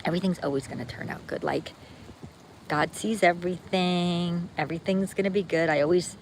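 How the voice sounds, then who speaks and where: A woman with a low, deep-set voice rambles cheerfully to her livestream viewers, full of "um"s and restarts. She talks into a phone while out walking on a street. Faint outdoor noise and passing vehicles sit behind her. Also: fairly even intonation, a little fast. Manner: upbeat, rambling, many fillers and restarts. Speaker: livestream vlogger. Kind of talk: casual live chat with viewers.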